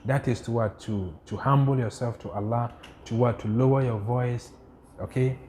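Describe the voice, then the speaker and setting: A man teaching a class on religion, who keeps asking rhetorical "what?" questions, answers them himself, and recites Arabic quotations quickly. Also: medium pitch, fairly even intonation, a little mellow, slight background noise. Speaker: Islamic studies teacher.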